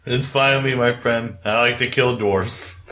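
A brash, hard-drinking lady orc, played by a man, chummy and crude in a raised, rough-edged voice. She sounds friendly and rowdy, like a regular at a tabletop game's tavern. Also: medium pitch, steady tone, unhurried, pushed and bright, slight background noise, voice pushed up.

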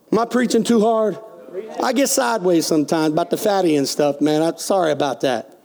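A man's voice: high voice, a little fast, gravelly, darkish tone. A man preaching a sermon as pastor, calling out questions to his congregation. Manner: folksy preaching with call-and-response.

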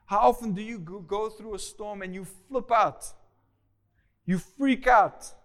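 High-voiced animated male preacher. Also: measured pace. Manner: animated, acts out voices of the disciples and Jesus; swings between loud emphatic bursts and quiet asides. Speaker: pastor. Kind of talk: sermon.

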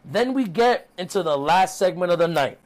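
A man talking through a recap in a loose, rambling, chatty way, as a podcast host. His voice sits a little on the high side for a man. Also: lively intonation, moderate pace. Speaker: podcast host reviewing wrestling. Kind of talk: casual recap.

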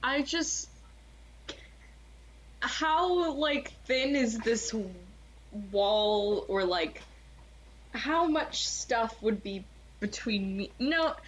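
A woman's voice: fairly high pitch, lively intonation, extremely slow, long pauses, a little hiss or hum, rough recording. A woman playing a tabletop role-playing game, describing her character's actions casually and laughing often. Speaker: player.

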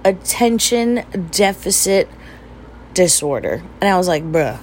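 A woman's voice: lowish voice, unhurried, darkish tone, slight background noise, poor audio. A young woman casually telling stories in a vlog, chatty and laughing often as she acts out her own dialogue. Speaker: vlogger.

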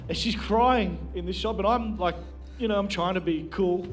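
A man's voice: high-pitched, moderate pace, few pauses, soft background music. A male pastor preaching a sermon to a live congregation on a handheld microphone, telling a personal story with self-deprecating jokes. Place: church, speaking to a live congregation.

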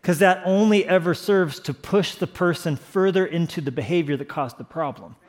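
At a normal pace, a male pastor with a voice a bit higher than most men's delivers an impassioned sermon. He moves between quiet, earnest stretches and emphatic exclamations that climb to peaks.

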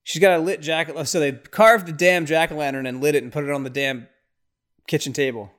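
A man's voice: a little high, fairly even intonation, a little fast, fairly bright tone. A man hosting a podcast, giving casual watch-along commentary on a movie in a rambling, reactive way with sudden exasperated outbursts. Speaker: podcast host.

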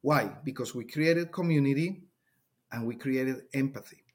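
Colombian-accented man, husky voice. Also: medium pitch, normal speed, a little mellow. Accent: Colombian Spanish. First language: Spanish. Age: middle-aged. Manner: earnest, explanatory, repeats words while searching for them. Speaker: teacher. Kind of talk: interview conversation.

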